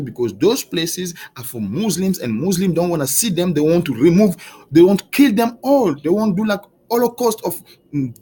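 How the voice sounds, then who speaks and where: Man, high and husky, talking straight to camera in a heated, pleading rant. He swings his pitch widely and stumbles over restarts. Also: darkish tone. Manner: heated, pleading, repetitive questioning; halting restarts and repeated words. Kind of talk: impassioned monologue to camera.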